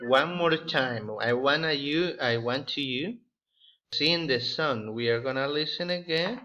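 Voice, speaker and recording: A man's voice: mid-range voice, measured pace, highs cut off, over music. A man with a Mexican Spanish accent teaching an English class to young students, giving simple, repetitive instructions with small slips.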